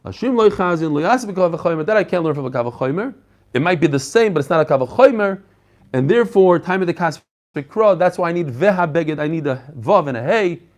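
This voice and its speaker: A middle-aged man gives a spirited daily Talmud class. His voice sits high for a man, and he keeps the lesson conversational, addressing his listeners and switching freely into Hebrew and Yiddish words. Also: moderate pace. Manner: animated, mixes English with Hebrew and Yiddish terms, talks to listeners directly. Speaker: rabbi teaching a daily Talmud page. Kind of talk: lively Talmud class lecture.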